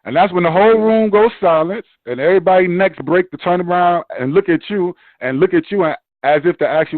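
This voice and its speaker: A man ranting profanely in casual chat, animated and forceful. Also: sits high, quick pace, few pauses, no room sound. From Brooklyn, New York. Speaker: podcast host. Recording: dry tinny phone-like sound.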